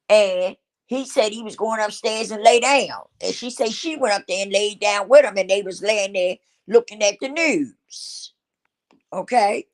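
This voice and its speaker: A middle-aged woman with a medium-pitched voice hosts her own show, telling a personal story emotionally and repetitively while speaking directly to her listeners.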